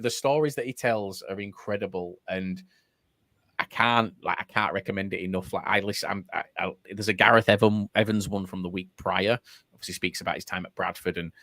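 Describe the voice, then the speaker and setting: A man's voice: low voice, dry recording, studio quality. A man co-hosting a football podcast, telling stories in casual chat and acting out the quotes. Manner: animated storyteller, acts out quotes. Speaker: podcast co-host.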